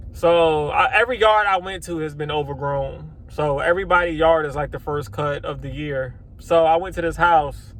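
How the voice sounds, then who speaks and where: A man vlogs outdoors about his lawn care work. His voice sits high for a man, and he talks casually. He rambles, swears, and acts out his own shocked reactions. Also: fairly bright tone. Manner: swears then apologizes. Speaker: lawn care business owner. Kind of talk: casual vlog storytelling.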